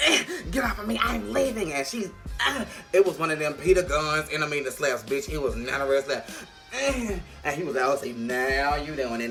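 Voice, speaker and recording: Sassy, profane woman recapping a show. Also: low-pitched. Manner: animated, profane, sassy, playful. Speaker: vlogger reviewing a reality show.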